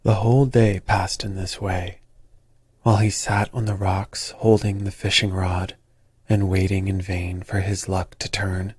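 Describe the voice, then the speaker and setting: A man reads a calm bedtime story in a slow, soothing way. His voice is deep and husky, recorded close in a dry, dead space. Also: no echo. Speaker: sleep story narrator.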